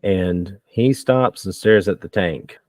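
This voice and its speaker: A man running a tabletop game as game master, narrating with relaxed banter and frequent laughs. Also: deep voice, takes it slowly, no echo.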